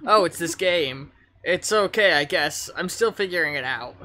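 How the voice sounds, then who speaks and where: A man's voice: fairly high pitch, expressive, normal speed, bright, forceful tone. A man reading as an easygoing teen boy. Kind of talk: reading comic dialogue aloud.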